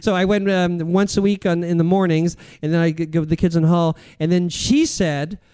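Male comedian, interview guest; smooth, somewhat high voice, self-deprecating storyteller. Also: fairly even intonation, fairly quick, darkish tone. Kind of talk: casual anecdotal interview.

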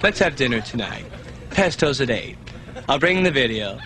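A man's voice: mid-range voice, expressive, moderate pace, pushed and bright. An actor playing a breezy, unreliable man in a TV comedy sketch who brushes off broken promises. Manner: offhand, airily apologetic.

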